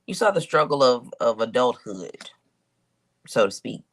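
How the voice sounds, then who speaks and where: A woman giving a casual spiritual reading to her viewers, thinking aloud with drawn-out hums and pauses and talking to them in a colloquial, direct way. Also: a bass voice, sing-song. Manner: colloquial, addresses viewers as y'all. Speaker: intuitive reader.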